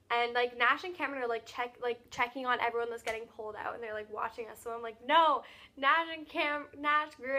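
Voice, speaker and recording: Bright-voiced young woman rambling a story. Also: a little high. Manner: rapid, filler-heavy retelling with lots of "like". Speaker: vlogger. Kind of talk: casual storytime vlog.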